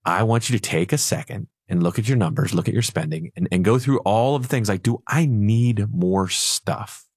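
A man's voice: lowish voice, lively intonation, fast, hardly any pauses, darkish tone, slightly rough, no echo, studio quality. A man co-hosting a retirement finance radio show, telling stories and acting out little voices playfully. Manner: storytelling, acts out voices playfully.

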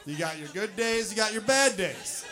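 A man doing a stand-up comedy set, sliding into loud, mocking quoted rants. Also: sits high, lively intonation, moderate pace, some chatter behind.

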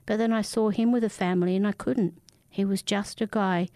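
A woman voicing a frightened, desperate man who pleads for his life, rambling and rising in pitch as he begs. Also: steady tone, fairly quick, mellow, no echo, clean studio sound, natural voice. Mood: pleading. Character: frightened desperate man, a cursed family father.

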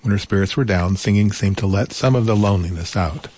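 Brief: male storyteller, low and husky, gentle read-aloud with asides. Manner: gentle, unhurried, adds asides.

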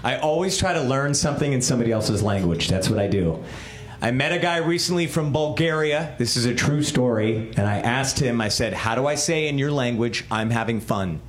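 A man performing an animated stand-up comedy set. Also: medium pitch, brisk. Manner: animated, laughing. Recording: roomy club with crowd.

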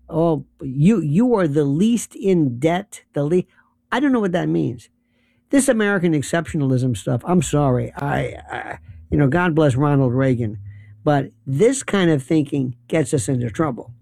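Gravelly, sarcastic man in a lively rant. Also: fairly high pitch, moderate pace, no echo. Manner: sarcastic, acts out quoted voices. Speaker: commentator. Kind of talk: monologue.

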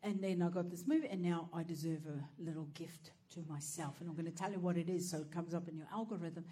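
A woman's voice: lowish voice, fast, mellow. A woman telling a brash, profane, self-mocking stand-up story, laughing through her lines. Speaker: stand-up comedian.

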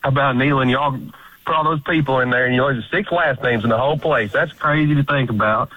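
A man calling in to a sports radio show, excitable and rambling. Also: mid-range voice, brisk, phone-quality sound. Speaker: radio caller. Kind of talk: phone-in to sports talk radio.

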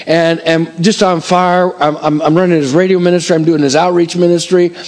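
A male pastor preaching a sermon in church. He is animated and emphatic, slows down to stress key points, and calls out numbers like an auctioneer. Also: fairly high pitch. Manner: animated, counts up the years like an auctioneer.

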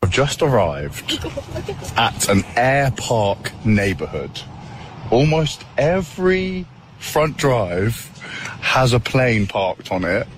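Amazed British man, lively voice outdoors. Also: medium pitch, slow, a little hiss or hum. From United Kingdom. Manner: amazed, exclaiming. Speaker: fitness influencer. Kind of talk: casual travel vlog. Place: outdoors in a neighborhood.

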